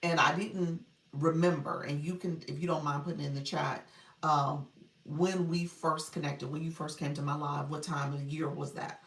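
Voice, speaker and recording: A woman's voice: deep voice, fairly even intonation, normal speed, far from the mic. A middle-aged woman chatting on a live stream as a coach, reading viewers' comments aloud and laughing often. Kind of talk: casual live-stream chat. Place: room at home, child heard in background. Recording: roomy livestream audio from off-mic.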